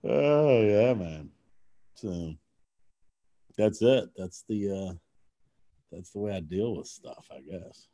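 A man from Kentucky chatting casually, a loud and animated storyteller who acts out voices in his anecdotes. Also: fairly low pitch, takes it slowly, long pauses. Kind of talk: casual chat. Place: lives in California.

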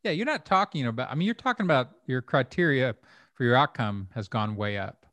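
A man's voice: medium pitch, animated, a little fast, a bit bright, no room sound. Chatty man with a dry close sound. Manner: rambling, repeats words, thinks aloud. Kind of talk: conversational interview.

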